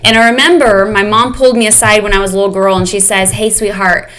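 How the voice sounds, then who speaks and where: Speaking quickly in a medium-pitched, fairly bright, steady voice, this woman runs a live online session as a fitness and mindset coach. She opens up candidly and emotionally, addressing her audience directly as "you guys."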